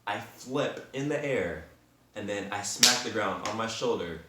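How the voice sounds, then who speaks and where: A man in his twenties hosting a podcast, telling a story in a casual, animated way, with slang and frequent laughter, talking straight to his listeners. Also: on the low side, a little hiss or hum. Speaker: podcast host. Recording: roomy sound from a distant mic.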